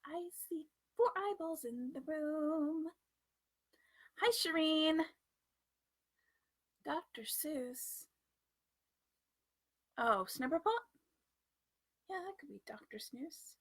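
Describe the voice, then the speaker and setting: A woman's voice: high voice, expressive, drawn-out words, pauses often. A woman hosting a storytime livestream, chatting casually with playful, giggly asides. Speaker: storytime host.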